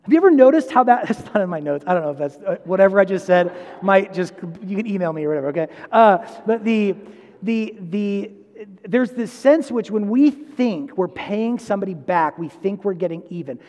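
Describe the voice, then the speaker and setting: A man's voice: high voice, animated, a little fast, darkish tone, in a large hall. A man preaching a sermon, telling a personal story in a conversational way with asides and self-corrections. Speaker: pastor.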